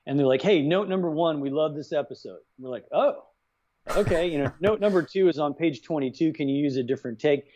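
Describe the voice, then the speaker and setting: Animated middle-aged man telling anecdotes. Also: fairly high pitch, quick pace. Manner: animated, acts out quoted dialogue. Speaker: writer-director guest. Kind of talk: casual interview storytelling. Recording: dull lo-fi sound.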